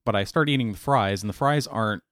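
A man's voice: lowish voice, fast, a bit bright, no room sound, clean studio sound. A man on a podcast, casually telling a long story with many fillers and restarts. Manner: rambling, lots of fillers and restarts.

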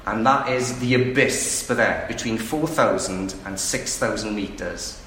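A man's voice: lowish voice, measured pace, fairly bright tone. A man preaching a sermon in a conversational way, often asking the listeners rhetorical questions. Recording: echoey room with faint background noise.

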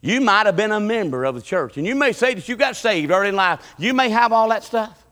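Preacher with a high bright voice. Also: male voice, expressive, fairly quick, long reverb tail. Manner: preaching with swings from loud shouting to low quiet talk. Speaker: pastor. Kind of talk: sermon. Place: church sanctuary.

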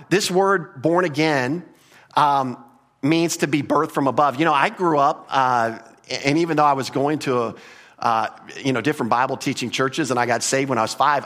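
A man with a slightly higher-than-usual voice preaches a sermon. His delivery is emphatic yet conversational, full of repetition and casual asides to the congregation. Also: fairly bright tone. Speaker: pastor.

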